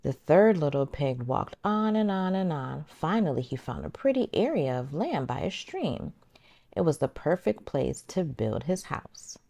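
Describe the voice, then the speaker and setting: A woman hosting a children's circle time, gently and expressively reading a storybook aloud to toddlers. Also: deep voice, sing-song, measured pace, gravelly, no echo.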